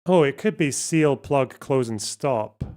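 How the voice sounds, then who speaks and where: Animated yet unhurried, a man hosts a casual livestream and puzzles over a word game aloud, muttering and cursing every so often. His voice is medium in pitch and darkish in tone.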